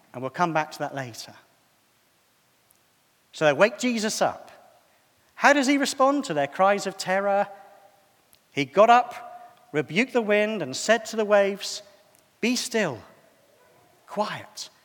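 Male preacher, animated high voice, reverberant hall, chatty and self-deprecating. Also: moderate pace, pauses often. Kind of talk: sermon.

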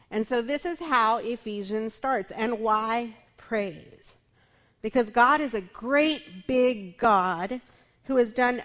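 A woman's voice: medium pitch, a bit bright. A middle-aged woman pastor preaching a sermon in a conversational way, often tagging her points with "right?". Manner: conversational, frequent tag "right?".

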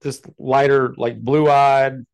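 A man's voice: mid-range voice, level tone, slow pace, creaky, crowd noise. A man co-hosting a podcast, blunt and crude in casual banter. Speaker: podcast co-host.

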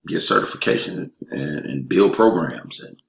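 A man with a very low voice talks casually as a guest, emphatic and streetwise. His words run on in bursts. The room around him rings with echo. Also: expressive, normal speed, gravelly. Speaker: elementary school teacher and interview guest. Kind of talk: casual chat. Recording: roomy echo.

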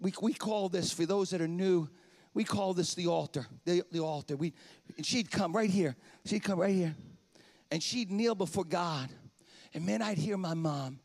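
A man preaching a sermon in a church, often shouting and half-singing his lines. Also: high voice, moderate pace. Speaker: pastor. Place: church sanctuary.

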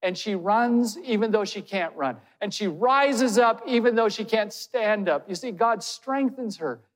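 A man's voice: high-pitched, lively intonation, unhurried. A man preaching a sermon as pastor. He speaks earnestly and puts direct questions to his listeners. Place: church hall. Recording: long hall reverb.

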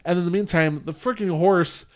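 A podcast host with a high-sitting voice talks a little fast as he casually recaps a film. He rambles, using lots of fillers and restarts, and acts out lines from the story.

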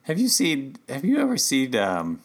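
A man in a relaxed podcast chat, his voice middle in pitch but swinging widely as he talks. He riffs freely, building silly imagined scenes with lively storytelling energy. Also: normal speed. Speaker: podcast co-host. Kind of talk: casual chat.

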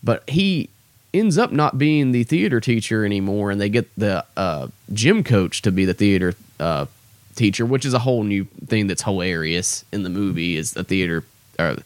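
A man's voice: fairly low pitch, expressive, moderate pace, no echo. A young man hosting his own podcast, rambling in a casual, self-deprecating way with lots of fillers. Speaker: podcast host. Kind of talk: casual solo podcast chat.

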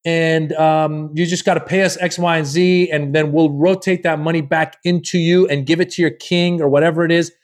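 Animated man telling a story. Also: on the high side, normal speed, few pauses. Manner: animated, acts out quoted people; profane, loose. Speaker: comedian guest. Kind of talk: casual podcast storytelling.

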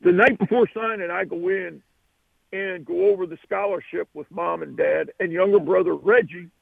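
A man, a football coach, telling an animated recruiting story as a radio guest. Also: high voice, moderate pace, gravelly, no room sound, narrow, tinny audio. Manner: animated, acts out the voices.

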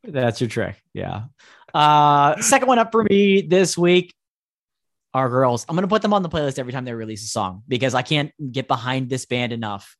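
A man co-hosting a music podcast, enthusiastically pitching songs and bands. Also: expressive, moderate pace, dry recording, clean studio sound. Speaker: podcast co-host. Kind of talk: casual music chat.

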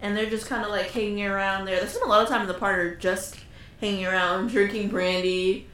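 A woman's voice: medium pitch, fairly quick. Woman chatting in an echoey room. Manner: laughs often, relaxed banter. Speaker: podcast co-host. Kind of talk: casual chat.

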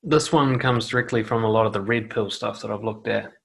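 A man's voice: lowish voice, a little fast, vocal fry, fairly bright tone. Blunt, swearing man giving dating advice. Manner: blunt, swears casually, acts out quoted voices. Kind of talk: casual advice monologue to camera. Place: seated indoors on a noisy chair.

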